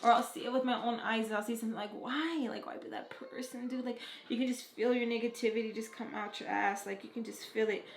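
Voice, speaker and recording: A woman's voice: fairly high pitch, fast talker, few pauses, a little hiss or hum. A young woman chatting to camera while doing her makeup, blunt and swearing often, peppering her talk with "like" and acting out quoted people. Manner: blunt and profane, heavy "like" filler, animated quoted voices. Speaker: beauty vlogger. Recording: echoey room.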